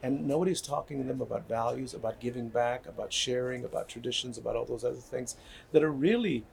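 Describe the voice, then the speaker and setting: A fast-talking older man with a creaky, medium-pitched voice speaks as a guest on healing and community. His conversational storytelling is earnest, with repeated words and a habit of asking "right?"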